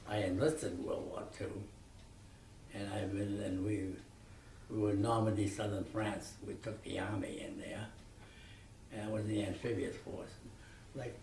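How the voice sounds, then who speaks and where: Elderly man, rambling animated reminiscing, many restarts, echoey room, mic set far off. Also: fairly low pitch, creaky, slight background noise. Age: 90s. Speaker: interviewee. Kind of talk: reminiscing storytelling.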